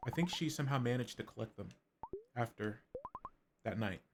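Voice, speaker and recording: A man voicing an earnest grown daughter talking gently with her mother in a video game, over game music. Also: medium pitch, normal speed, noisy background, natural voice.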